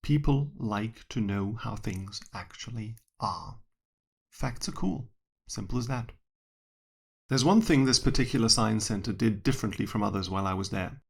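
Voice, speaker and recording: A man's voice: medium pitch, vocal fry, breathy edge. A man who works as a science educator, reading his own short story aloud in a dry, wry first-person manner.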